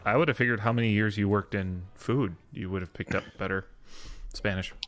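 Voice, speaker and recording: A man's voice: lowish voice, steady tone, fairly quick, a bit bright, no room sound, faint music behind. A man co-hosting a podcast in casual chat, teasing his co-host in a wry way.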